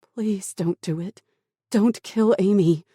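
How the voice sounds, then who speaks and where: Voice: slow, mellow, slightly rough, no echo, clean studio sound. A narrator voicing a desperate pleading female scientist. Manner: pleading, high and strained.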